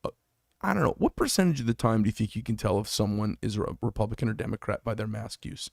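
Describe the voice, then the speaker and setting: A man's voice: lowish voice, animated, fast talker, vocal fry, dry recording, studio quality. Blunt, profane middle-aged man. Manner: blunt, profane, mocking storyteller. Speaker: knife shop owner and host. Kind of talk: casual chat.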